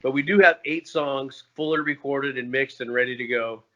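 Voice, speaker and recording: A man's voice: medium pitch, normal speed, a bit bright, dull audio. A man in his forties, a guest musician talking casually and unhurriedly on a remote call, with frequent "uh" fillers. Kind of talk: casual interview talk.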